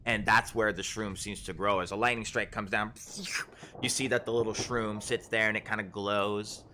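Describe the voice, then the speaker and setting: A man's voice: fairly low pitch, steady tone, normal speed, background noise. Rambling male game master. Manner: rambling, filler-heavy, laughs often. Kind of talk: narrating a tabletop game.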